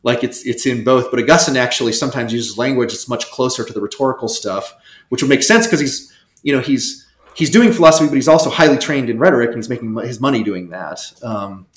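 A man speaking as a guest scholar in a casual interview, animated and rambling, with many restarts. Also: medium pitch, fast talker, reverberant.

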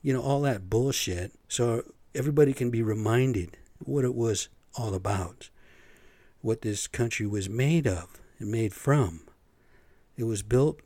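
A man's voice: mid-range voice, darkish tone, no echo. A man hosting his own podcast, rambling in casual, profane talk with lots of fillers. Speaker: podcast host. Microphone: podcast microphone.

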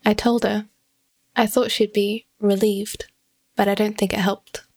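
A woman playing a weary aging sailor who speaks quietly and subdued after a death. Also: mid-range voice, little pitch movement, unhurried. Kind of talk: audio drama acting.

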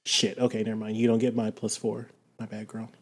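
A player in a tabletop game, chatty and halting, often restarting sentences. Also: mid-range voice, monotone, breathy edge.

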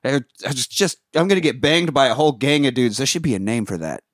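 A man's voice: mid-range voice, expressive, quick pace, no echo, studio quality. A young man, a podcast host, recapping a film in casual crude jokes and acting out the lines. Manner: crude joking, acts out characters in quotes. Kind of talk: casual comedic movie recap.

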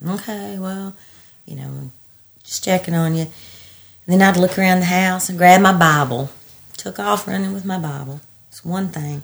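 A woman, telling her story as an interviewee in halting bursts full of restarts. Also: on the low side, vocal fry. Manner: halting, breathless retelling with restarts and laughter. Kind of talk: personal storytelling.

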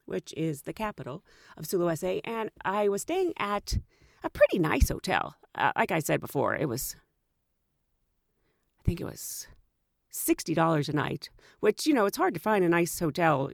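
A woman who works as a flight attendant, telling a story in a chatty, animated way with frequent fillers. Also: on the low side, normal speed, vocal fry, no room sound, studio quality. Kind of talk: casual storytelling.

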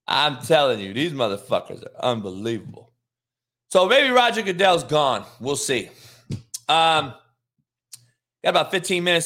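A man's voice: medium pitch, fairly bright tone. A middle-aged man hosting a live sports show, ranting in a heated, profane way, mocking his chat and laughing between lines. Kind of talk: live-streamed sports rant.

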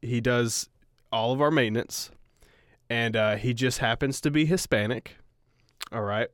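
A man's voice: medium pitch, unhurried, a bit bright, no echo, studio quality. A man co-hosting a casual podcast, rambling through an awkward story, swearing and laughing at himself. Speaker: podcast co-host.

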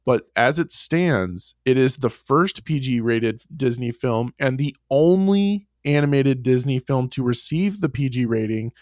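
A man co-hosting a podcast in casual chat, telling the story in a lively, swearing way with frequent laughs. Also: mid-range voice, a little slow, few pauses, no room sound, clean studio sound. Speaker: podcast co-host.

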